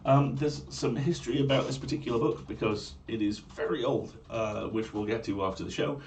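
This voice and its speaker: A man with a Manx accent, hosting a livestream in a chatty, joking way with quick asides. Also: medium pitch, a little mellow, distant mic, a little hiss or hum. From Isle of Man. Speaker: streamer and storyteller host. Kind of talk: casual chat. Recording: voice from off-mic with faint room ambience.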